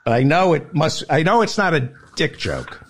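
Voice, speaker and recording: Gravelly, lively podcast quizmaster. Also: male voice, a little high, normal speed. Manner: teasing quizmaster. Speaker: podcast host running a quiz. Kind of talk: casual podcast banter.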